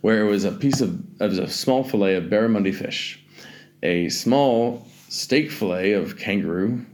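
A man's voice: on the low side, moderate pace, darkish tone. A Canadian man telling travel stories in a casual chat, rambling, correcting himself, and swearing freely.

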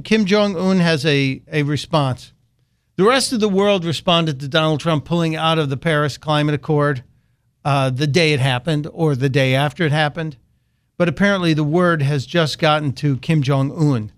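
A man's voice: a little high, clear, resonant tone. A man hosting a political talk radio show, delivering a sarcastic, mocking monologue.

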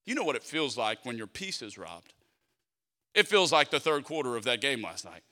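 A man's voice: mid-range voice, sing-song, normal speed, sharp tone. A man, preaching a sermon as pastor with emphatic repeated phrases and rhetorical questions. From South Louisiana, US. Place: church sanctuary. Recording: long hall reverb from a church sanctuary.

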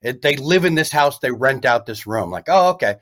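A male comedian, appearing as a guest in casual chat, tells a rambling, animated story with lots of restarts. His voice is medium-pitched and his pace moderate.

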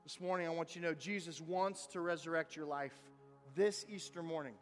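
A man with a high voice preaches an Easter-style sermon, reading scripture and pressing his points with mounting fervor. His voice carries through a big room with a long reverb, and soft music sits underneath. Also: brisk. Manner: preaching with rising intensity, reading scripture aloud. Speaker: pastor.

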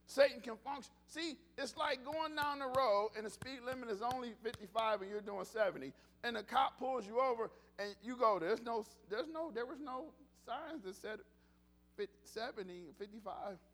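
A man with a strikingly high voice preaches in a loose, conversational way. He talks animatedly, repeats words and starts his phrases over as he goes. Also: normal speed, a bit bright. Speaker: pastor. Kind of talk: casual sermon.

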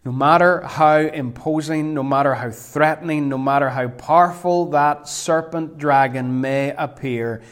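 A man preaching a sermon, emphatic, slowing right down whenever he quotes scripture. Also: on the high side.

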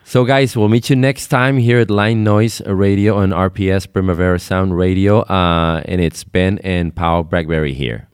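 Very deep-voiced man rambling through a story. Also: steady tone, normal speed, hardly any pauses, smooth, no echo, studio quality. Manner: rambling storyteller with many fillers, laughing often. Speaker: radio show co-host. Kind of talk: casual chat.

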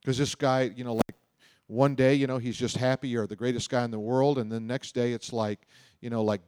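A man's voice: medium pitch, steady tone, a little fast, a little mellow, clear, resonant tone, no echo. A middle-aged man preaching a sermon in a loose, conversational storytelling way, often repeating himself and adding asides. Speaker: pastor. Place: church auditorium.

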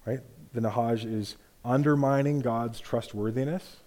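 A man delivers a teaching sermon in a measured, explanatory way, tossing in rhetorical asides. His voice is mellow and warm, sitting at an ordinary middle pitch. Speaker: preacher.

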